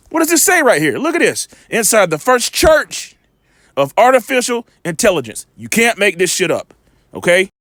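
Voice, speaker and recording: A man's voice: sits high, very animated, normal speed, fairly bright tone, dry recording. A man giving preaching-style Bible commentary in a video, emphatic and firing rhetorical questions at his listeners.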